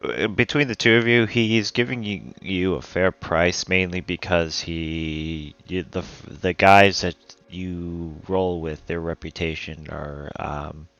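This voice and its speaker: A man running a tabletop game as game master, talking slowly with many fillers. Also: deep voice, fairly bright tone, no room sound, muffled recording, faint music behind. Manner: slow, halting, many fillers. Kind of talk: narrating a live tabletop game.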